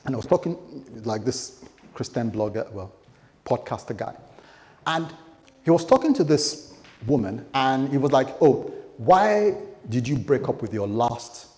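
A man's voice: mid-range voice, big pitch swings, measured pace, a little mellow. Man, pastor, chatty sermon, acts out quotes, echoing church hall. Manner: conversational, acts out quoted dialogue.

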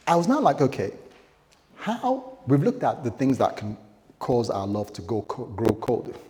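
A man's voice: medium pitch, huge pitch swings, measured pace, darkish tone, in a large hall. A man preaching a sermon as pastor, in a loose conversational way, acting out quoted dialogue.

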